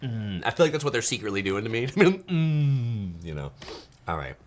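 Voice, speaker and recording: A man's voice: on the low side, big pitch swings, quick pace. A man hosting a casual live stream, reading viewer comments aloud and chatting, often slipping into playful mock voices. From United States.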